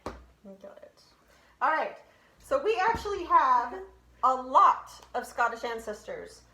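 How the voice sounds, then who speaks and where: Female co-host, raised pitch, chatty with ums, recorded in a roomy, echoey space. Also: big pitch swings, a little slow, pushed and bright. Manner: chatty, with frequent ums and giggles. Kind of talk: casual family history presentation.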